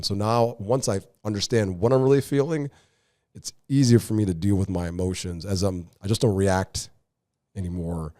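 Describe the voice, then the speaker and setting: A man's voice: sits low, steady tone, moderate pace, mellow, dry recording, studio quality. A man as a podcast guest, telling his story in an earnest, reflective way. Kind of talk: casual conversational interview.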